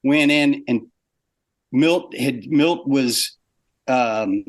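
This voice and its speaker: A man's voice: medium pitch, drawn-out words. An older man, a former animator, telling a story in an interview, acting out what people said and laughing as he goes. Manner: animated, acts out quotes, laughs often.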